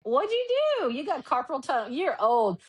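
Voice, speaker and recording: A woman's voice: high-pitched, sing-song, moderate pace, slightly rough. A woman co-hosting a casual chat, teasing her friends and laughing often. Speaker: podcast co-host. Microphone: video call.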